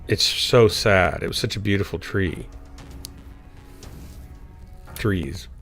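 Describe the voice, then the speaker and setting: A man's voice: low voice, slow pace, creaky, a bit bright. Rambling man chatting over faint music. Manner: rambling storyteller with frequent fillers. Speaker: streamer. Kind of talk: casual chat while gaming.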